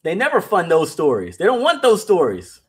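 A man hosting a casual livestream for his animation company. He is animated, talks straight to his viewers, and often repeats words. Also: sits high, normal speed, husky.

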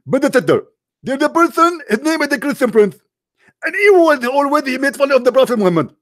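A man's voice: extremely high pitch, very animated, a little fast, voice pushed up. A man mimicking a lecturing male preacher. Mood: mocking.

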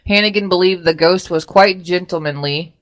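A woman's voice: on the low side, moderate pace, dry recording, poor audio. A woman co-hosting a radio talk show, reading items from a list aloud in a chatty, casual way. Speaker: radio co-host.

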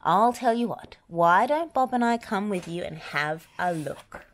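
A woman voicing a capable, kind female builder who talks briskly and reassuringly. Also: mid-range voice, expressive, pitched above the performer's own voice, lightly acted.

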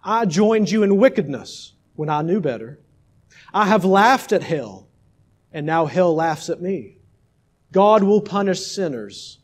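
A man's voice: high voice, big pitch swings, a little slow, full character voice. A man reading aloud the words of a dying young man who anguishes and accuses his father, speaking with a raised, pained voice. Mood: anguished.

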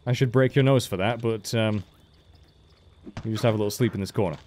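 A man's voice: fairly low pitch, a little fast, a little mellow, slight background noise. A man giving casual, joking game commentary as a let's play host, with frequent swearing. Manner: chatty, joking, swears freely.

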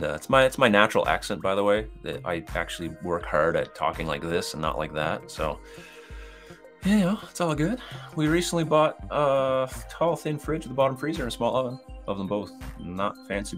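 Low-voiced man chatting on a live stream. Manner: rambling, relaxed, with many fillers and restarts. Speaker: kitchen designer hosting a live stream.

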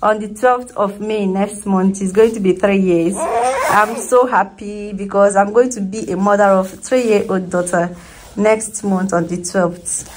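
A woman with a Nigerian accent talks casually to camera, addressing her viewers directly like friends. Her voice sits at an ordinary middle pitch for a woman. A faint hiss lies under the recording. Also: unhurried, poor audio. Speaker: vlogger and stay-at-home mother. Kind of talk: casual home vlog talk to camera.

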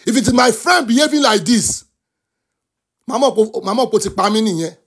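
A man with a Nigerian accent hosts a talk show and gives animated commentary. He is impassioned, mixes English and Yoruba, and keeps breaking into shouts. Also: high-pitched, fast, husky. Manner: impassioned, switches between English and Yoruba, often bursts into shouts.

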